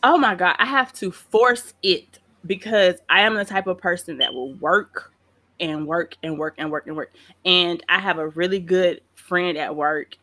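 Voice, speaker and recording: A woman guest on a podcast, chatting casually and telling animated stories, often laughing. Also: lowish voice, measured pace. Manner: lively storyteller, acts out quotes in voices; laughs often while talking. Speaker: guest, pastry chef.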